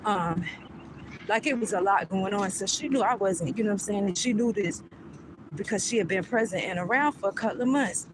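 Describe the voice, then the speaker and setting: A woman's voice: mid-range voice, brisk, noisy background. A woman vlogger telling a casual storytime in a chatty way, often asking "you know what I'm saying".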